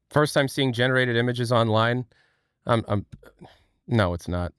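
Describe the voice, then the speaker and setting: A man hosts a casual livestream chat, speaking slowly in a clean tone with no room sound. He's animated, swinging his pitch, thanking viewers, and swearing freely.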